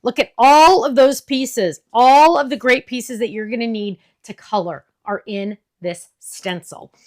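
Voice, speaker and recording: A woman's voice: on the high side, unhurried. Gushing woman hosting a craft demo. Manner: gushing, enthusiastic. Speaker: craft shop host. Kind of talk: product demo.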